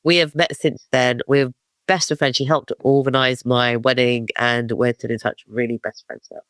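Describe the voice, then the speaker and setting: With a level tone at normal speed, this East London man in his fifties spins meandering anecdotes as an interview guest, stopping and restarting with lots of fillers. His London accent comes through in a medium-pitched, fairly bright voice on a dry recording.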